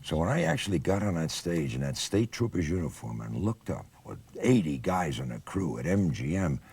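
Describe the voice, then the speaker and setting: A deep, husky older man telling stories as a guest. His pitch swings widely as he acts out everyone in his tales. He talks with easy, animated energy. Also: moderate pace. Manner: animated, acts out quoted voices. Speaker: guest, former athlete and actor. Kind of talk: storytelling anecdotes in conversation.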